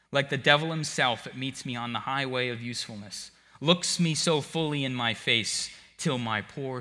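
A male preacher delivering a sermon, swinging from hushed tones to shouting. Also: mid-range voice. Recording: long hall reverb.

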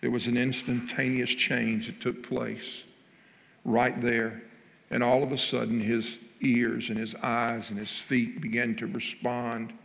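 A man's voice: mid-range voice, flat delivery, unhurried, vocal fry, fairly bright tone. A man preaching a sermon, telling a story and then pressing its point with rising emphasis. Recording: long hall reverb.

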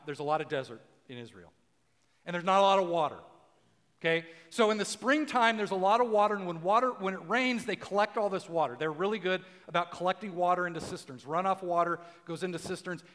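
A male pastor talks through a sermon in a relaxed, chatty way. He acts out the people he quotes and rises to shouting for emphasis. His voice sits high, and it rings out into a hall with a long echo. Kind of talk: casual sermon.

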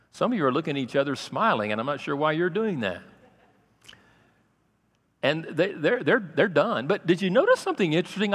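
Man preaching in a reverberant hall. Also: a little high. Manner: preaching with sudden loud raised passages and quiet asides. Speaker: pastor. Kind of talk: sermon.

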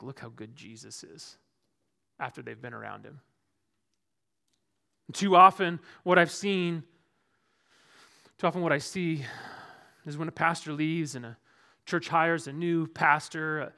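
A man preaching a sermon as pastor in a church, earnest, moving between loud emphasis and quiet, dropped asides. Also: on the high side, vocal fry.

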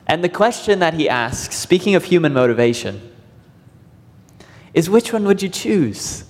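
A man preaches a sermon with an earnest, vivid delivery, drawing out key words for emphasis. His voice sits high for a man. The recording carries a long reverb from a church hall. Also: very animated, normal speed, long pauses, darkish tone. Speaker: pastor.

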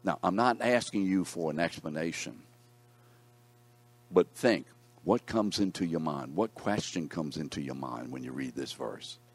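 A man's voice: rumbling low, measured pace, husky. A man teaching a Bible class, reading scripture aloud and putting questions to his students in a conversational way.

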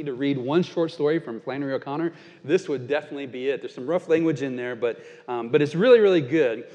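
A man's voice: a little high, darkish tone, long reverb tail. A male pastor giving a sermon, telling a story in an earnest, conversational way.

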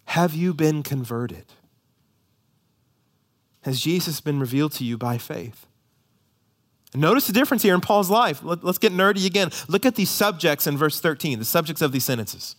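A man in his thirties, a pastor preaching a sermon, swinging from loud emphasis to hushed near-whispers. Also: fairly high pitch, expressive, normal speed, pauses often.

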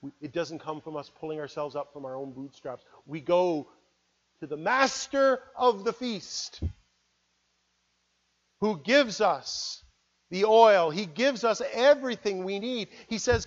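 A man preaching a sermon, earnest, moving between loud appeals and hushed, quiet words. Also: high voice, unhurried, dull audio. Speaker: pastor.

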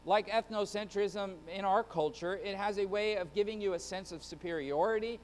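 Male pastor, high voice, earnest sermon, repeats words, long church reverb. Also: normal speed, a little mellow, slight background noise.

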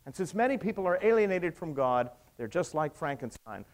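A man with a high, light voice delivers a sermon. He tells stories with drama, dropping low and soft and then building up again. His delivery is that of a practiced preacher. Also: big pitch swings, brisk. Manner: dramatic retelling with acted quotes, swinging from hushed to raised.

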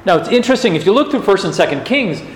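A man's voice: high voice, big pitch swings, fast talker, a little hiss or hum. A man preaching a sermon as pastor, speaking in an earnest, challenging way and asking the congregation rhetorical questions. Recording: echoey hall, faint ambience.

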